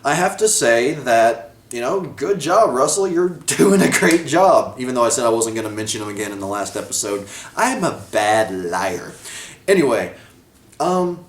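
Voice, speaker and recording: A man's voice: medium pitch, lively intonation, moderate pace. Man, casual review vlog, rambling, self-correcting, laughs a lot, echoey room. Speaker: episode reviewer.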